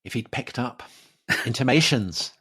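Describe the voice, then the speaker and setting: A man's voice: mid-range voice, expressive, unhurried, pushed and bright, slightly rough. An English man co-hosting a casual history podcast, talking with many fillers and restarts and chuckling between points. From England. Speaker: podcast co-host.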